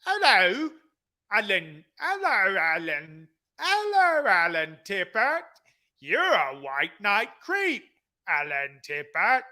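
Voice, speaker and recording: A man's voice: sits high, wildly swooping pitch, slow pace, pushed and bright, full character voice. A man putting on a mock British accent to tease someone in a comedy web show. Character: snooty British man mocking a viewer.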